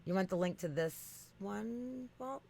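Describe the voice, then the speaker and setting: A woman's voice: medium pitch, a little slow, creaky, mellow, a little hiss or hum. A woman hosting a podcast in casual chat, amused, reading news aloud and swearing now and then. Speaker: podcast host.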